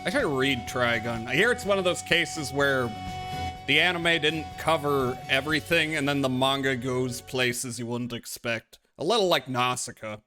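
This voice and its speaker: A man live-streaming a game, chatting casually with his viewers in a rambling, profane way. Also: medium pitch. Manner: rambling and profane, talks to chat.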